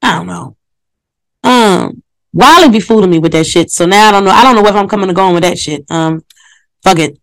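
A woman with a mid-range, slightly bright voice hosts her podcast a little fast, her mouth close to a phone mic. Her casual, rambling monologue is full of swearing, drifts off topic, and speaks straight to her listeners.

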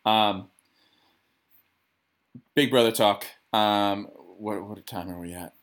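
A man hosting a casual sports podcast, talking in an excitable, profane and rambling way with lots of restarts. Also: lowish voice, takes it slowly. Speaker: podcast host.

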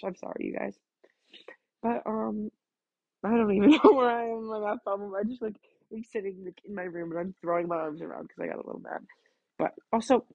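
A teenage girl rants to the camera from her bedroom, chatty and casual, packing every phrase with "like" and swearing freely. Her husky, mid-range voice is captured in a dull, dry, lo-fi recording.

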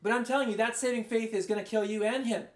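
A man giving a conversational, rambling sermon as a pastor, his voice going a bit hoarse. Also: very high voice, fairly even intonation, quick pace, echoey room. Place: large room, speaking to a congregation far away.

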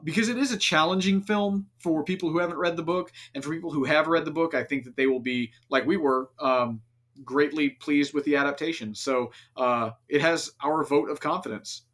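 A man's voice: fairly high pitch, a little fast, fairly bright tone. A man hosting a casual podcast, talking in a loose, rambling way full of fillers and restarts. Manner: rambling, filler-heavy, self-interrupting. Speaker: podcast host.

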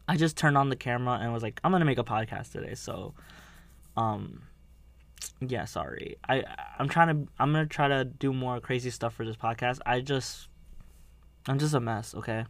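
A man's voice: mid-range voice, steady tone, unhurried, pauses often, a bit bright. A man hosting a casual podcast, talking in a rambling way with many fillers. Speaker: podcast host. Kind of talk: casual chat.

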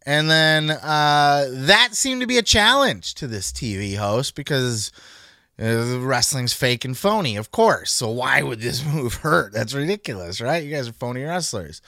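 A man's voice: on the high side, expressive, measured pace, sharp tone, no room sound, clean studio sound. A man hosting a podcast, talking casually in a heated, profane rant. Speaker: podcast host. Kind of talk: casual chat.

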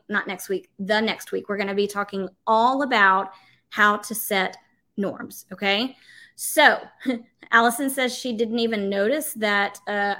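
A woman presenting a live workshop for educators, talking in an energetic, conversational way and reading chat comments aloud. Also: fairly high pitch. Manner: energetic, conversational, emphatic with filler words.

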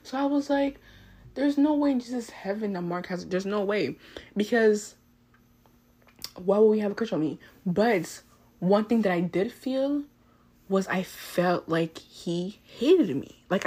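A teenage girl hosting a podcast, telling a story in a chatty, animated way full of fillers. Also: on the low side, slightly rough. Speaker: podcast host. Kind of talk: casual storytelling.

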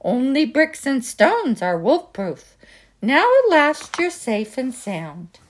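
A woman's voice: high-pitched, very animated, slow pace, exaggerated voice. Practical storybook pig, bossy big brother, scolds in a level tone, read by a woman. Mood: scolding. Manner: scolding, matter-of-fact. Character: sensible male pig, bossy older brother.

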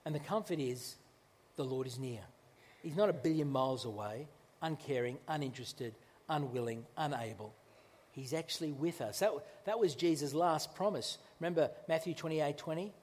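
A man preaches a sermon in a church, his slightly raised voice carrying a long hall reverb. He talks conversationally, stumbling and restarting, then slows down to lean on key phrases. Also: on the high side, a little mellow. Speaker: pastor.

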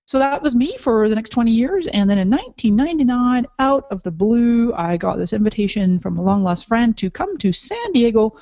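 A woman's voice: fairly high pitch, sing-song, brisk, hardly any pauses, dark tone, dry recording. Upbeat woman with a slight Scottish accent. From Canada, raised partly in Scotland. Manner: upbeat, enthusiastic, laughs often. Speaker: podcast guest. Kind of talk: casual interview storytelling. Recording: dry, slightly dull audio.

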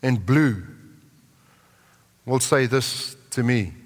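A man preaching a sermon in a large church hall, moving between impassioned lines and soft, prayerful tones. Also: mid-range voice, steady tone, unhurried. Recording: long reverb of a large hall.

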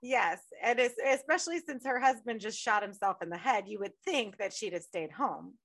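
A woman from Utica in Upstate New York hosts a casual podcast, her voice a little high and her pace moderate. She tells animated stories full of cursing and laughs often.

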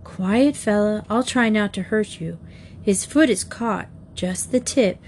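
A woman reading aloud voices a calm teenage boy who speaks in a soothing, reassuring way. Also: medium pitch, a little slow, a little hiss or hum, close to an everyday voice. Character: kind, calm teenage boy, older brother.

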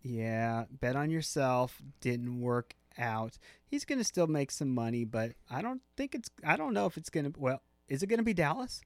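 A man's voice: medium pitch, sing-song, moderate pace, few pauses, no echo. A man co-hosting a casual sports podcast, teasing his partner in playful banter. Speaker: podcast co-host.

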